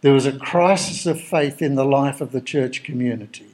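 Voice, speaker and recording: A man's voice: mid-range voice, moderate pace, darkish tone, poor audio. A man preaching a sermon in a conversational, storytelling way, acting out the dialogue of the people he describes. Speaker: pastor.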